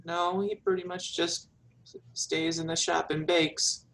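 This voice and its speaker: A man voicing a meek, obedient young girl who works in her father's bakery, speaking in soft, hesitant replies. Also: fairly high pitch, fairly even intonation, measured pace, vocal fry, pitched above the performer's own voice, poor audio. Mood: shy.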